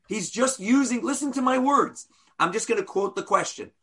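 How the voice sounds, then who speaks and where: Brief: male rabbi leading a class, bright and husky, playful rhetorical style. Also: very high-pitched, moderate pace. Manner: animated, rhetorical questions, playful asides. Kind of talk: teaching a class.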